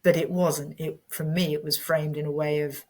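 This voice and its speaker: Husky low-voiced woman, 50s, earnest podcast guest opening up. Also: normal speed. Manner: earnest and candid, animated when retelling. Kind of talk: reflective personal storytelling.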